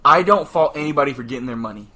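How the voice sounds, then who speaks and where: A man's voice: mid-range voice, animated, racing, a crowd in the background. A man co-hosting a podcast, giving laid-back opinions on football and basketball money. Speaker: podcast co-host. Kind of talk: casual sports chat.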